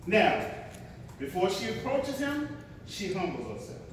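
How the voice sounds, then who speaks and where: A high-pitched male pastor preaches slowly in a lively, swooping voice. He is picked up from a distance in a big, echoing church. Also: a little hiss or hum. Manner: preaching with dramatic swings, acting out voices; repeats "watch this" as a refrain. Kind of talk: sermon. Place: large church sanctuary. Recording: echoey hall, picked up from a distance.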